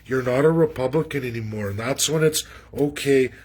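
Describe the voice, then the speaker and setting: A man from Canada delivers a casual political monologue with a husky edge to his voice. He is emphatic and repetitive, often calling out people directly. His pitch sits right in the middle for a man. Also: fairly quick, darkish tone. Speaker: political commentator.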